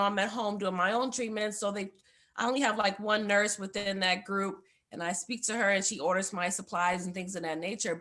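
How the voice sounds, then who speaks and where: A young woman sharing a personal testimony as a guest, her voice sitting at an ordinary middle pitch. She talks in a heartfelt, rambling way. Her sentences are loosely strung together with "like" and "you know". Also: a bit bright.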